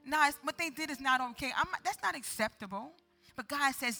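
A woman's voice: high-pitched, expressive, fairly quick, gravelly, pushed and bright, faint music behind. A woman preacher delivering a sermon, with call-and-response and acted-out prayers.

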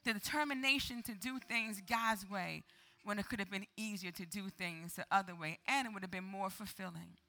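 A woman's voice: mid-range voice, moderate pace, bright, forceful tone. A woman preacher delivering a sermon, with call-and-response and acted-out prayers.

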